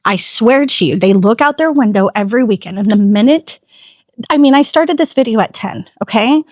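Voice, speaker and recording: Casual vlog chatter from a woman detailing a car outdoors in her driveway, filmed on a tripod-mounted phone camera; she's sassy and slips into ranting asides. Her fairly high voice has a slightly mellow quality, with no echo.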